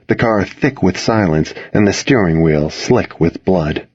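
A man reading a first-person story aloud as an audiobook narrator, at a measured, steady pace. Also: sits low, breathy edge, dry recording, muffled recording.

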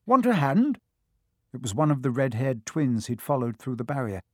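A man reading a novel aloud as an audiobook narrator, in a measured storytelling manner. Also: mid-range voice, darkish tone, dry recording, clean studio sound. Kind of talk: scripted narration.

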